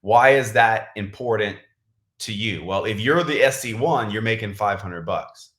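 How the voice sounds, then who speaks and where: A man's voice: lowish voice, a bit bright, roomy sound. A man leading a casual livestream training for his sales team, rambling with lots of fillers and self-corrections. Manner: says he is talking really fast. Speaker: direct-sales team leader. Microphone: camera mic on livestream.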